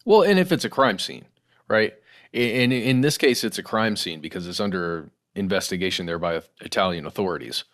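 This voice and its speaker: A man with a slightly low voice, chatting through the news as a podcast co-host. He talks loosely and conversationally, often throwing in "guys" and "y'all." He sounds middle-aged. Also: lively intonation, brisk, a bit bright. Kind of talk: casual news discussion.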